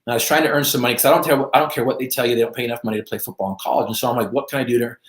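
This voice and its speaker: A man's voice: mid-range voice, steady tone, rapid-fire, reverberant. A middle-aged man from the United States, telling his own story as a podcast guest, acting out his quotes, with many fillers. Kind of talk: storytelling in an interview.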